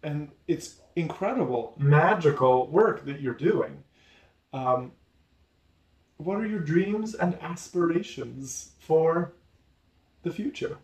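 An educator interviewing a former student in a casual talk, affirming and quick to laugh. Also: medium pitch, animated, roomy sound, distant mic. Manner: warm, affirming, laughs easily.

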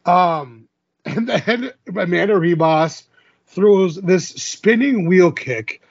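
A man's voice: sits high, takes it slowly, vocal fry, no room sound, highs cut off. A man co-hosting a podcast, recapping fight results in casual chat and laughing often. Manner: chatty, laughs often, filler-heavy. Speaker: podcast co-host.

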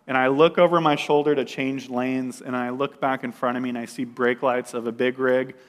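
A man's voice: medium pitch, a bit bright. A man sharing a personal testimony in a loose, conversational way, with fillers and restarts and an occasional laugh at himself. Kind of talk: casual personal testimony storytelling.

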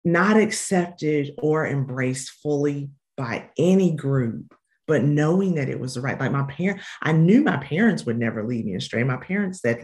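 A woman's voice: sits low, expressive, darkish tone. Earnest Southern American woman. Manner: earnest, emphatic storytelling with slow stressed phrases. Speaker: guest, education consultant and coach. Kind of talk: conversational interview answers.

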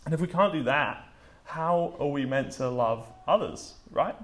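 With a voice on the high side and lively intonation, a young English preacher delivers a casual sermon a little slowly. He tells stories chattily, using many "like" and "um" fillers.

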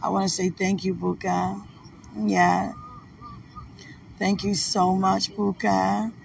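A woman's voice: medium pitch, level tone, takes it slowly, vocal fry, recorded from a distance. A woman recording a casual, heartfelt video message of thanks, emotional and devout, rambling with many fillers. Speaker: fiancée giving thanks.

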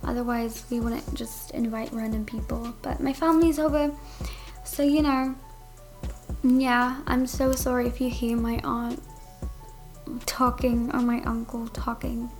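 Bubbly high-voiced woman vlogger. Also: fairly even intonation, measured pace, darkish tone, soft background music. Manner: bubbly, gushing, says "like" a lot. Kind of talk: casual chat to viewers. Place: at home with family over.

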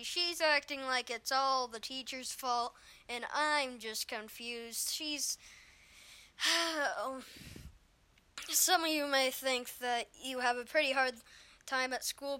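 A young woman telling a storytime vlog about bullies at school, rambling and exasperated with lots of fillers, slightly hoarse after being sick. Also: high-pitched, pushed and bright. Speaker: vlogger.

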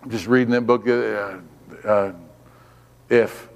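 A man's voice: lowish voice, steady tone, slow, gravelly, big-room sound. A man giving a sermon as a guest preacher, fervent and repetitive, calling on the congregation to respond. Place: church.

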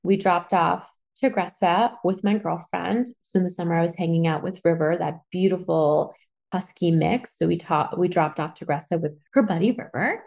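A woman with a slightly low voice hosts a podcast, telling a personal story in a loose, chatty monologue. She is animated and casual, dropping swear words freely. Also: moderate pace, gravelly, highs cut off. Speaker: podcast host.

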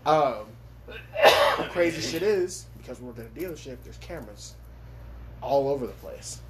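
A man's voice: medium pitch, animated, unhurried, a bit bright, slight background noise. A young man from Los Angeles telling a story in casual podcast chat, laughing often and swearing freely. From Los Angeles, USA.

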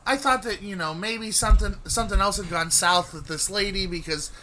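A young man chiming in on a casual podcast story, acting out quoted lines with big jumps in pitch. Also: fairly quick, sharp tone, slight background noise.

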